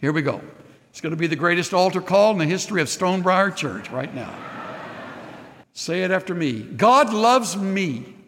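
A man's voice: sits high, animated, fairly quick, pauses often, a bit bright. A man preaching a sermon as pastor, with passionate delivery, leading the congregation in call-and-response. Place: large church. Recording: long reverb of a large hall.

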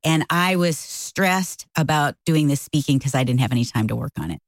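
A woman's voice: moderate pace, dry recording, low-quality recording. A middle-aged woman co-hosting a casual talk show, telling a story and acting out quotes with big jumps in her voice. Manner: animated, acts out quotes with big pitch jumps. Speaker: co-host.

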